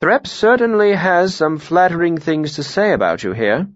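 Man voicing a shrewd imperious nobleman, courtly, commanding, higher voice, dry dull storybook recording. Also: animated, normal speed, no echo, lightly acted. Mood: probing.

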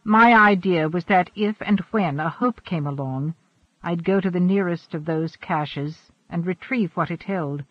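A man voicing a calm, ageless immortal adventurer who speaks in a measured, earnest and formal way. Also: high-pitched, dry recording. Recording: dry, dull lo-fi.

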